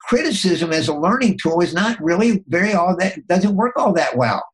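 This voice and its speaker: An older man, a consultant and podcast guest, telling motivational stories in a lively way, often restarting and repeating words. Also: moderate pace, rough recording. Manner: animated, acts out inner dialogue with jumps in pitch. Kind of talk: motivational storytelling.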